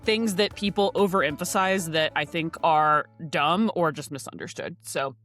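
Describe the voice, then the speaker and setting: A woman's voice: low voice, moderate pace, fairly bright tone, faint music behind. A woman co-hosting a casual podcast, joking dryly and wryly between reading show notes. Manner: dry, wry humor. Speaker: podcast co-host, coach.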